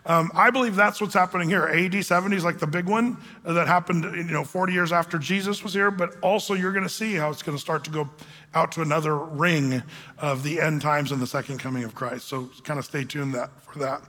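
A man with a high, bright, forceful voice gives a chatty Bible teaching from the pulpit. He jokes and drifts into asides. His words ring out in a church hall with a long echo. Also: fairly even intonation, a little fast. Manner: chatty and joking, with many fillers and asides. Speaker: pastor. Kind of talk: conversational sermon. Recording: echoey hall.

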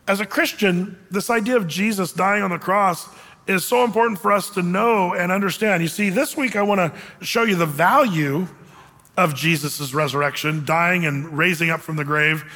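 Male pastor, high and bright, delivering an emphatic conversational sermon, reverberant hall. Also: moderate pace. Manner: emphatic, conversational preaching with acted-out quotes.

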